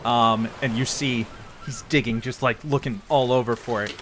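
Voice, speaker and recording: A man narrating as game master of a tabletop game, relaxed, with frequent fillers. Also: mid-range voice, normal speed, a little hiss or hum. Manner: relaxed, laughs often, hesitant fillers.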